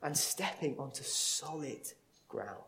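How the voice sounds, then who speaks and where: A man preaching a sermon as pastor, earnest and animated, with emphatic swells. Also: medium pitch, takes it slowly, vocal fry, a little hiss or hum.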